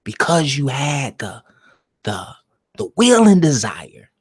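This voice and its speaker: A man talks alone on a live stream at a very unhurried pace, his pitch in the middle range. He delivers a meditative monologue, pushing some words out loudly and letting others sink to a near-whisper. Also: wildly swooping pitch, breathy edge. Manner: slow, drawn-out, swings between loud emphasis and near-whisper. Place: alone at home.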